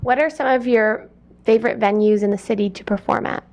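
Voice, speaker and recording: A woman's voice: a little high, fairly even intonation, fairly quick, a little mellow. A woman from Canada hosting an interview, asking brief, composed questions.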